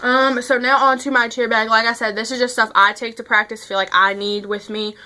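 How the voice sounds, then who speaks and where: Teen girl vlogging, bright voice, rambly and chatty, kinda out of breath. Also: a little high, flat delivery, fairly quick. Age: teens. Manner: chatty, rambling, many fillers. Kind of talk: casual chat to camera.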